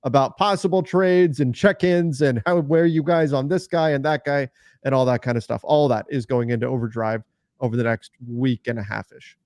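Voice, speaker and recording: A man's voice: mid-range voice, normal speed, darkish tone, no room sound, studio quality. A man co-hosting a casual sports podcast, easygoing with a few hesitant fillers. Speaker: co-host.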